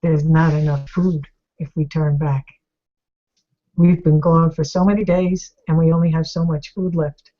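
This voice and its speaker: Firm old-world ship captain, lowered and steady, as a woman puts him on; a bit muffled over a video call. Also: a little slow. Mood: resolute. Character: determined male ship captain, steady and sure.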